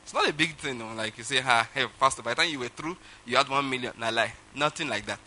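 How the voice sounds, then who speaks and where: A man's voice: medium pitch, fast talker, bright, forceful tone, slight background noise, rough recording. A man preaching a sermon, telling a personal story and acting out phone calls with laughter. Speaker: pastor.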